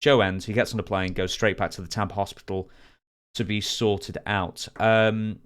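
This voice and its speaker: A man co-hosting a podcast, recounting background in a measured way before asking questions. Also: fairly low pitch, fairly even intonation, fairly bright tone, clear, resonant tone. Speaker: podcast co-host. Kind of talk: interview questions.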